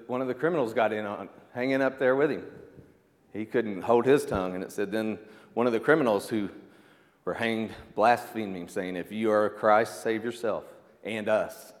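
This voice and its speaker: A man's voice: fairly low pitch, big-room sound. A man preaching a sermon as pastor, conversational, with asides, fillers and calls of "amen" to the congregation.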